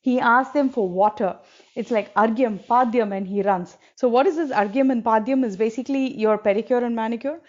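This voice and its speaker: On a dull lo-fi recording, a woman with a fairly quick, high-leaning voice retells an old epic in casual narration. She explains as she goes, using fillers and restarts, and acts out the lines of quoted kings and sages.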